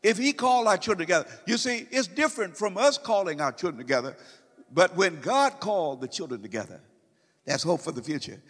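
A man preaching a sermon in a church, emphatic, swinging between loud calls and hushed low phrases. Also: very animated, fairly quick, husky, in a large hall. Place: church sanctuary.

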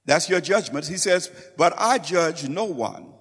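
A man's voice: a little high, animated, unhurried, a bit bright, husky. A man preaching a sermon, quoting scripture and explaining it with frequent repetitions. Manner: expounding scripture with quoted lines and repetitions. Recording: long hall reverb.

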